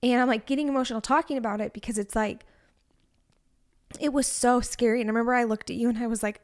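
A woman's voice: fairly high pitch, steady tone, quick pace. A young adult woman co-hosting a podcast, telling a story in an emotional, rambling way with lots of fillers. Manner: emotional, rambling, heavy use of "like". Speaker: podcast co-host. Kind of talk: casual chat.

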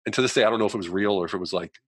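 A man, a guest in a conversation, telling a personal story in an animated way, acting out the voices of people he quotes and using lots of "you know" fillers. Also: fairly low pitch, rapid-fire, dry recording.

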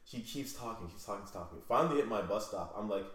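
A man's voice: lowish voice, animated, fast, few pauses. A young man in casual chat, telling a story animatedly with lots of swearing and acted-out dialogue. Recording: echoey room.

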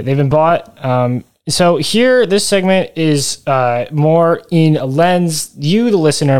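A man's voice: mid-range voice, darkish tone, clean tone. A man co-hosting a podcast in casual chat, rambling and wry as he explains things. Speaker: podcast co-host.

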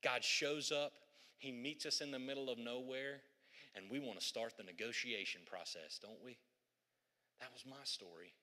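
Man preaching a sermon, jokey and chatty, bright forceful voice, big echoey church. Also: medium pitch, moderate pace. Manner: humorous, conversational, storytelling. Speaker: pastor. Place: church sanctuary.

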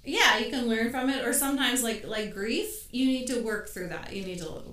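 A woman co-hosting a podcast, chatting casually and calmly asking probing questions. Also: on the high side, normal speed, far from the mic. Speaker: podcast co-host. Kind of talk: casual chat. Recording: roomy, set back from mic.

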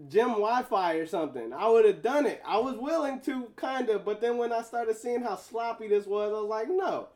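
A vlogger with a high voice tells his audience a personal story in a casual monologue. He's animated and slangy, laughing easily as he goes.

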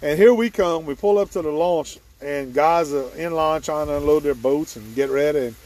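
A man's voice: a little high, normal speed, darkish tone. A man, hosting a hunting video and telling a story outdoors with frequent laughter. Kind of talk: casual storytelling. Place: outdoors at a boat launch before dawn.

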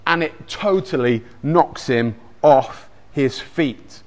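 A man telling a Bible story in a lively, animated way, mixing in personal anecdotes. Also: mid-range voice, takes it slowly. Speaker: speaker retelling a Bible story.

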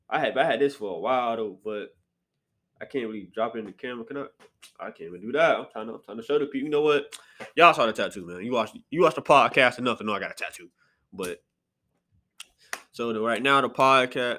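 A man's voice: mid-range voice, bright, forceful tone. A young man hosting a solo podcast, rambling and profane, often mocking himself. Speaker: podcast host. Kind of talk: casual solo podcast rant.

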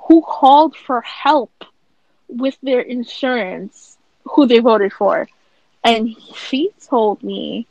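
A woman's voice: on the high side, dry recording, highs cut off. A woman co-hosting a casual podcast chat, telling a story in slangy, emphatic bursts. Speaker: podcast co-host.

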